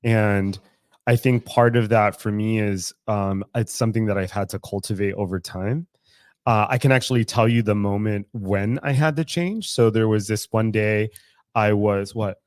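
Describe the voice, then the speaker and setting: A man's voice: fairly low pitch, moderate pace, no room sound, clean studio sound. Candid, profane man on a podcast. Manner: candid, profane, laughs often. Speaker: guest co-host. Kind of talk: casual podcast chat. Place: recovery club in a room.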